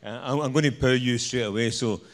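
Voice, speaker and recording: A man's voice: medium pitch, quick pace. A man with a Scottish accent giving a live stage talk with slides, rambling and joking, full of "you know". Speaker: speaker at a presentation night.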